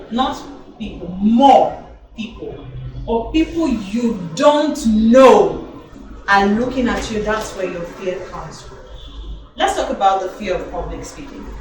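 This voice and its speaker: Animated woman teaching in an echoey hall. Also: on the high side, far from the mic. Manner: animated, calls out questions for the audience to answer. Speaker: elocution and public speaking trainer. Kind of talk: motivational talk to a live audience.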